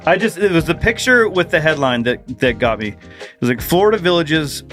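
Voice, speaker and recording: A man's voice: on the high side, sing-song, brisk, fairly bright tone, faint music behind. A man co-hosting a casual comedy podcast, laid-back and wry with dry one-liners. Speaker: podcast co-host.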